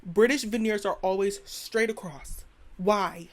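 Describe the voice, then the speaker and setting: A young woman runs her own podcast and rants her opinions at a slightly slow pace, her pitch medium. She's dramatic, sassy and blunt, swears freely, and keeps saying "girl" to the listener throughout the casual rant.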